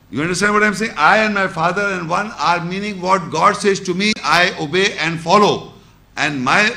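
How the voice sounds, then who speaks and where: Bright-voiced man giving a religious lecture. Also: high voice, creaky. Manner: explains scripture with repetition and rhetorical questions; recites Arabic verses quickly. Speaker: Islamic lecturer.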